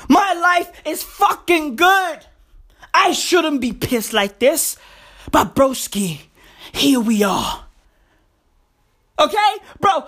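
A woman hosting a podcast in a profane comedic rant. She repeats her phrases and breaks into exasperated shouts. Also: sits high. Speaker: podcast host.

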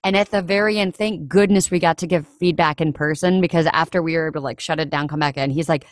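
A young woman talks casually about her work as a standardized patient, acting out her own reactions. Her voice sits a little low. The recording is dry and close, with no room sound. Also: fast talker, no room sound. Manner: animated storyteller, acts out her own reactions. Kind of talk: casual conversation.

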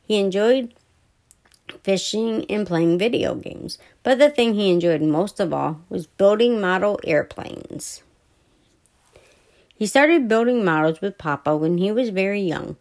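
A woman podcast host reads a children's story aloud in a soft, unhurried way. She trips over words now and then and simply corrects herself, her voice sitting in an ordinary middle range. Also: mid-range voice, lively intonation. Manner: soft, stumbling, self-correcting reading.

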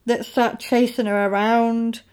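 A woman's voice: on the high side, smooth. A woman chatting casually, retelling a film plot and acting out the characters' lines. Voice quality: animated storyteller, acts out characters' lines in quick voices. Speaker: podcast co-host recapping a film. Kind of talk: casual chat.

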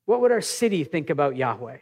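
A man in his thirties, a pastor, preaching a sermon in an animated, conversational way with personal stories. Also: fairly high pitch, a little fast.

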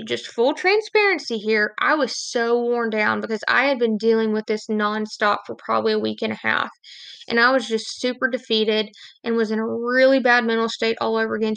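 A woman speaks in a fairly high voice with a gravelly edge, dry and close to the mic. She shares her own testimony as a Christian speaker, candid and confessional. Now and then she pokes fun at herself. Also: fairly bright tone, no room sound. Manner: self-deprecating humor. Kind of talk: devotional testimony talk.

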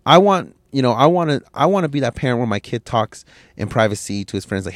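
A man's voice: mid-range voice, sing-song, fast talker, dry recording. Host, male, 30s: crude motivational rant, dry close sound. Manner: blunt and crude, swings from quiet musing to loud scolding. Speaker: podcast host.

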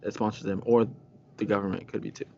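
A man's voice: on the low side, level tone, fast, creaky, mellow. Man, podcast co-host, casual, hesitant with fillers, giggly, muffled lo-fi audio, faint hiss. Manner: hesitant, lots of ums, giggly. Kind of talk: casual chat.

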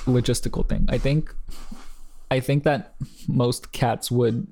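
A man's voice: mid-range voice, steady tone, slow, creaky, darkish tone, slight background noise. A man hosting a casual book podcast, reading passages aloud and then talking them over in a thoughtful, hesitant way with many fillers.

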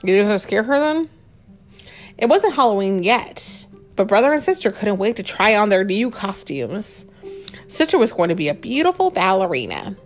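Animated woman reading aloud. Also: medium pitch, normal speed, faint music behind. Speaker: parent reading aloud to children. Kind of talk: bedtime-style storybook reading with chat.

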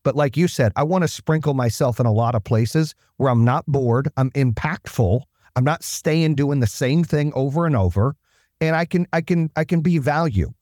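A man's voice: mid-range voice, a little mellow, dry recording, studio quality. Blunt, profane man telling stories. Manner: blunt, profane, fast-talking. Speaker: guest, business owner. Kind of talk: casual storytelling.

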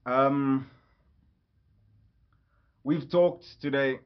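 Dude rambling on his own podcast, hops topics fast, kinda muffled lo-fi sound. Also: medium pitch, steady tone, smooth. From Ireland. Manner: rambling, jumps between topics. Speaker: podcast host. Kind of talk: casual solo podcast chat. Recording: slightly dull lo-fi audio.

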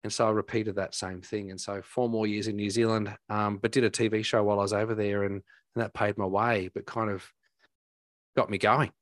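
A man's voice: on the low side, level tone, fairly quick, no echo. Aussie guy rambling through his stories, lots of ums, dead dry sound. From Australia. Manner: rambling, heartfelt, many fillers and restarts. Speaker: guest. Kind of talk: casual storytelling.

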